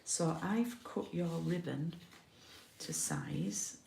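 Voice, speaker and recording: A woman's voice: lowish voice, wildly swooping pitch, extremely slow, vocal fry, a little mellow, roomy sound, slight background noise. A middle-aged woman from the UK giving a casual card-making tutorial, chatty and often checking in with her viewers.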